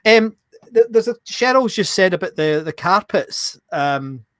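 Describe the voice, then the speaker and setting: A man co-hosting a live online chat show, talking casually and joking as he reads viewer messages. His voice sits a touch high for a man and is recorded close and dry, with no room sound. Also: lively intonation, unhurried, fairly bright tone, no room sound. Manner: chatty and jokey, laughs often.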